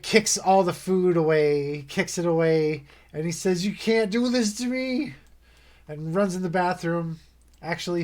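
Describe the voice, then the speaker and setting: A man acting as game master for an online tabletop game, unhurried and rambling, often correcting himself. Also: a little high, darkish tone. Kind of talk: narrating a tabletop game over a call.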